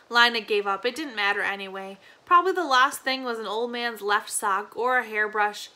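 Bright-voiced teacher reading a novel aloud. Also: female voice, fairly high pitch, normal speed, few pauses. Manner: steady, with small slips and restarts.

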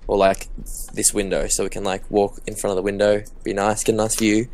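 A man's voice: lowish voice, flat delivery, brisk, darkish tone, a little hiss or hum. Young man rambling with lots of "like". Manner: rambling, lots of "like" fillers, upbeat. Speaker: gaming co-host. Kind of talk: casual chat while playing a game.

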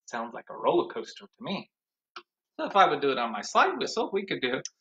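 A man's voice: medium pitch, wildly swooping pitch, fast talker, muffled recording, noisy background. A man teaching an online music class to young children, talking cheerfully and singing along with a ukulele.

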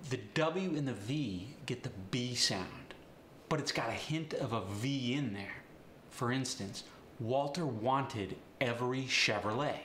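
A man's voice: mid-range voice, normal speed, bright, forceful tone. A man teaching an accent step by step, with emphatic, encouraging and carefully articulated drills. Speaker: accent coach. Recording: roomy echo with faint background noise.

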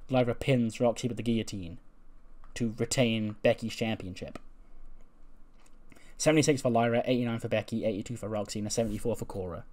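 A man's voice: lowish voice, darkish tone. Chatty man recapping a wrestling game. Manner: chatty recap, frequent laughs and fillers, swears. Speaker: gaming YouTuber. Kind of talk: casual let's-play commentary.

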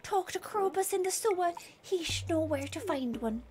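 A woman voicing an old male wizard in a hushed, theatrical put-on Irish accent, reading game dialogue aloud. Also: very high-pitched, animated, moderate pace, a little hiss or hum. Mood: solemn, hushed. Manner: hushed, lilting, theatrical storytelling.

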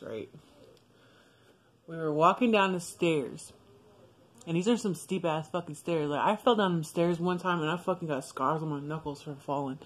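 Young woman, vlogger, lowish voice, casual storytime, blunt, swears a lot, laughs often.

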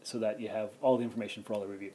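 A man's voice: on the low side, steady tone, racing, dark tone. A man hosting his own podcast, chatting casually and jokily with two co-hosts, rambling with playful jumps in his voice. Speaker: podcast host. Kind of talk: casual chat.

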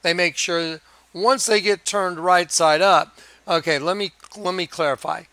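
A man giving a rambling religious monologue over images, in an excitable, emphatic manner with chuckles. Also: high-pitched, a little slow, no room sound. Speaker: video preacher.

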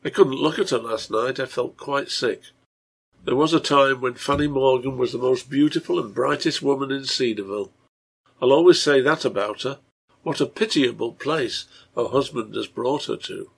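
A man voicing a hard, resentful male tavern keeper in a read-aloud story, with a husky, gravelly voice. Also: medium pitch, normal speed. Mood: brooding. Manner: blunt, resentful.

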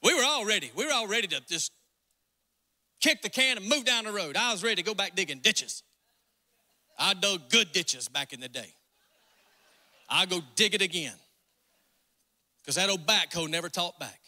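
A male pastor with a north Georgia Southern accent, preaching in a folksy, joking way. His voice sits very high and sounds sharp and bright. The sermon is recorded with a long reverb from the church hall. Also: lively intonation, normal speed, long pauses. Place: church sanctuary.

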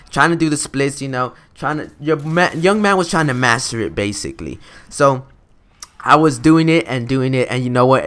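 A man's voice: mid-range voice, a bit bright. A young man in a casual storytime vlog, talking slangy and loose, calling his viewers guys and dude. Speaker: vlogger.

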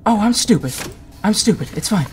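A man's voice: high voice, lively intonation, a little fast, a little mellow, slight background noise. A man commenting on his own horror game playthrough, jumpy and panicky, swearing and muttering to himself. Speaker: gaming YouTuber.

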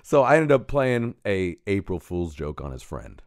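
A man co-hosting a podcast, telling a story in casual, profane chat and shouting as he acts out the scenes. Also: sits low, normal speed, no echo, studio quality. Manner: animated, profane, shouts when acting out scenes. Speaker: podcast co-host.

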